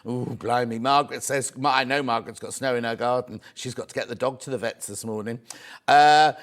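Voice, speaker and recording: A British man presenting live on a shopping channel, chatting warmly to viewers and reading out their messages, with the odd cough. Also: medium pitch, steady tone, a little fast. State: coughing, mild throat trouble.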